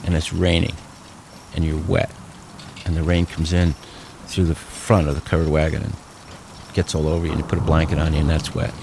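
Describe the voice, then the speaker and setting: A man's voice: very deep voice, little pitch movement, a little fast, creaky. A man in an interview, telling stories about traveling by wagon in a folksy, easygoing way that repeats phrases. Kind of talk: casual storytelling interview. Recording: noisy background.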